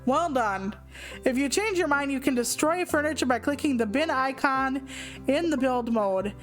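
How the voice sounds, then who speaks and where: A woman's voice: high voice, lively intonation, moderate pace, soft background music. A woman voicing a cheeky male floating book who guides a bookshop owner in a game, with a smug, snarky manner. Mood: instructive. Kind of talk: reading game dialogue aloud.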